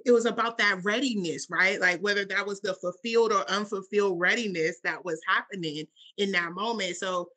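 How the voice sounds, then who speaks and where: A woman's voice: medium pitch, a little fast, hardly any pauses, bright, forceful tone. A woman co-hosting a podcast as a coach, asking probing questions and reflecting answers back in a playful, casual way.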